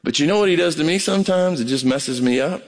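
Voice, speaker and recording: A man preaching a sermon as pastor, conversational and animated, acting out prayers and voices. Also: on the high side, quick pace. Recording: long reverb of a large hall.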